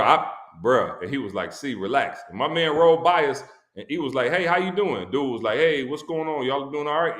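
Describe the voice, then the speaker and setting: A man's voice: on the high side, echoey room. A man telling a heartfelt story about a friend on a live stream, emphatic and slangy. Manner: emphatic, slangy storytelling, voice climbs when excited. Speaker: guest speaker at a launch stream.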